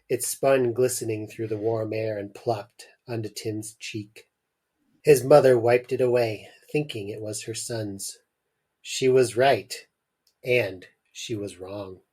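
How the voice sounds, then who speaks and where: A man's voice: medium pitch, a little mellow. A man host reading a weird children's story aloud on a podcast with dramatic emphasis. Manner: dramatic reading, breaks into laughter.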